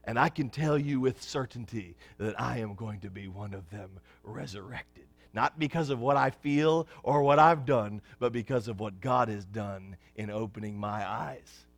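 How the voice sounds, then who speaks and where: A pastor preaching a sermon, folksy and joking with the congregation, swinging from hushed lows to excited shouts. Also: male voice, no room sound.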